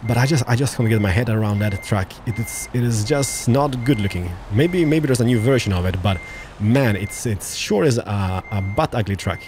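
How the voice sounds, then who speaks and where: A man's voice: lowish voice, moderate pace, background noise. A man giving casual, joking, exclamatory commentary while playing a truck driving game. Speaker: let's-play gamer.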